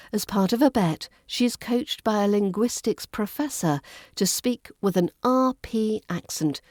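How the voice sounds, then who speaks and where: A woman with a British RP accent hosting a podcast pronunciation lesson, modelling sounds slowly and deliberately. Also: medium pitch, warm tone, no echo, studio quality. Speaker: accent coach and podcast host.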